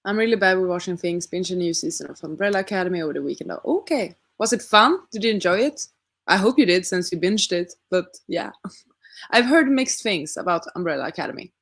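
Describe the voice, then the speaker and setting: A woman's voice: on the low side, lively intonation, a little fast, fairly bright tone. A young woman casually chatting with her stream audience, thinking aloud and asking rhetorical questions. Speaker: livestream host reading chat. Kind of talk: casual chat.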